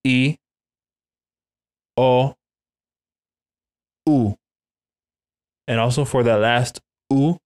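A man teaching a Spanish lesson, slowly modelling vowel sounds for learners to repeat and often checking in with "okay?". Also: mid-range voice, clear, resonant tone. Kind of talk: language lesson, repeat-after-me drills.

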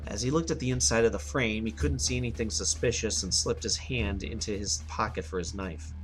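A man narrating an action story in a steady reading voice. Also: on the low side, brisk, over music.

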